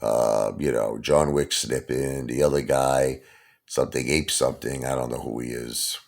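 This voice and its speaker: Gravelly, very deep Brooklyn man. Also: fairly even intonation, normal speed, a little mellow. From Brooklyn, New York. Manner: tough-talking, repeats "you understand?" and "okay?". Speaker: channel host. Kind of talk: casual storytelling monologue.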